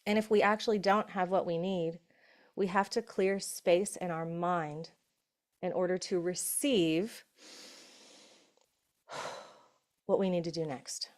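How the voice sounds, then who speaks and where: A middle-aged woman giving a conversational motivational talk, often asking "right?" and slowing into soft, hushed affirmations. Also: lowish voice, fairly even intonation. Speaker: summit speaker. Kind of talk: motivational talk on breath and safety.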